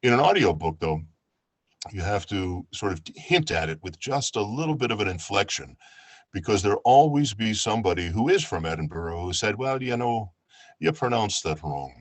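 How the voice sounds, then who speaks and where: A man from New York, an audiobook narrator, talking casually over a video call in a relaxed, chatty way. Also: lowish voice, moderate pace, no room sound. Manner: relaxed, chatty, with fillers and restarts.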